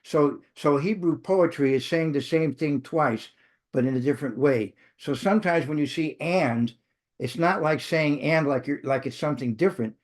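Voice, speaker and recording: Leading a Bible study at a moderate pace, this man has a voice on the high side. He keeps his audience engaged with frequent check-ins, though he repeatedly trips up, starts over and fixes what he said.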